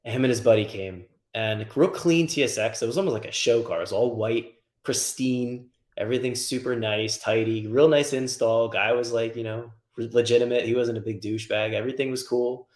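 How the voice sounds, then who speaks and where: A man in a roomy, echoey space tells a rambling shop story with plenty of swearing and animated energy. His pitch sits in the middle for a man, and the delivery stays conversational. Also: fairly quick. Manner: profane, animated anecdote-telling. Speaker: guest, car tuner. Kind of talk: casual storytelling.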